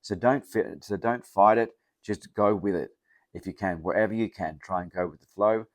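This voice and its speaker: A man's voice: fairly low pitch, normal speed, no echo. A man giving a rambling, casual motivational talk to the camera, often checking in with "yeah?". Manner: rambling, loose, with many restarts and "yeah?" checks. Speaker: vlogger.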